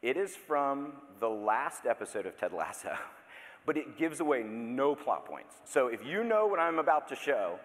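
With a mid-range, fairly bright, sing-song voice at a moderate pace, a man in his thirties preaches in a church sanctuary. He's conversational, playful in his asides, and prone to interrupting himself, all echoing with a large hall's long reverb.

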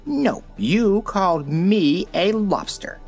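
A reader voicing a small stubborn male crab with a shrill, petulant voice in a storybook reading. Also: lively intonation, takes it slowly, darkish tone, faint music behind.

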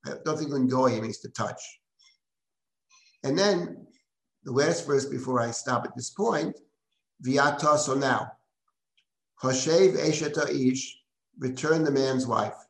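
A man's voice: mid-range voice, takes it slowly, pauses often. Man teaching a Bible text class, roomy echo. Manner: reads Hebrew verses then translates and explains, with restarts. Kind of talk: live text-study lecture.

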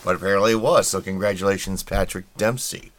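Middle-aged male podcast host, slightly low voice, sarcastic and rambling. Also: fast. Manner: sarcastic, rambling, wry asides. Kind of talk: casual opinion monologue.

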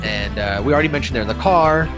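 A man hosting a podcast, casually recapping a cartoon episode in an animated way and swooping into quick impressions. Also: mid-range voice, over loud music. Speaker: podcast host.

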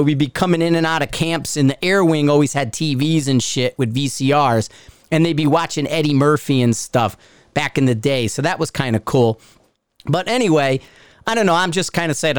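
A man's voice: a little high, clear, resonant tone, dry recording, clean studio sound. A middle-aged man from Connecticut with a Northeastern US accent, hosting a podcast in a profane, sarcastic, rambling rant. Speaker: podcast host. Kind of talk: ranting podcast monologue.

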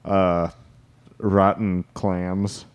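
A man's voice: low-pitched, level tone, drawn-out words, clean tone. Laid-back male podcast host. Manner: reads updates aloud, laid-back. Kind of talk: casual podcast chat.

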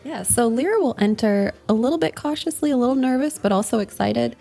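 Female player, calm description, mellow dark tone, faint music. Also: on the high side, a little fast, creaky. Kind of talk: describing her character.

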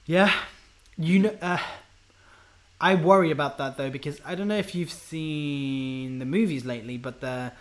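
Enthusiastic man, slightly high voice. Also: moderate pace. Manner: enthusiastic, laughs easily, teasing. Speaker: podcast co-host. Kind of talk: casual chat.

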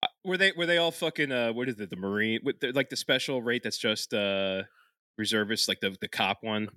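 A man's voice: on the low side, brisk, pushed and bright, no echo, clean studio sound. A man co-hosting a podcast in casual chat, rambling, swearing and laughing often between thoughts. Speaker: podcast co-host.

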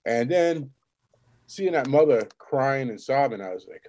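A man's voice: mid-range voice, expressive, a little slow, darkish tone. Blunt, swearing man in casual talk. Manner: blunt, swears, drops into quoted voices. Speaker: paramedic. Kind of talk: casual chat.

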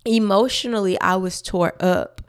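A woman's voice: mid-range voice, normal speed. A woman hosting a faith-based podcast, talking earnestly and emphatically straight to her listeners. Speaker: podcast host.

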